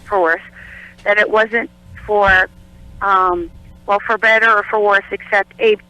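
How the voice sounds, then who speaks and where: A woman calling in to a radio show with the hiccups, talking in an apologetic, halting way full of restarts. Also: medium pitch, fairly even intonation, sharp tone, clean tone, no echo. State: has the hiccups. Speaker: caller. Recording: tinny phone line.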